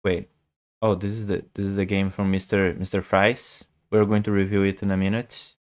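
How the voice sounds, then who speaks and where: A man's voice: low voice, level tone, moderate pace. A man, chatting casually on a chess stream, thinking aloud and repeating himself. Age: 40s. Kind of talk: casual live-stream chat.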